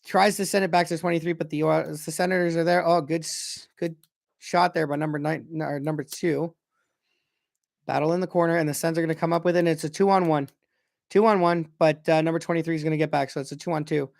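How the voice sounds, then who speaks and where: A young man gives casual, excitable play-by-play of a hockey game as a fan, often stopping to correct himself about who has the puck. His voice sits a little high with a gravelly edge. The sound is dry and close. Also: a little fast, no room sound. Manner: excitable, self-correcting, unsure of player names. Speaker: fan commentator.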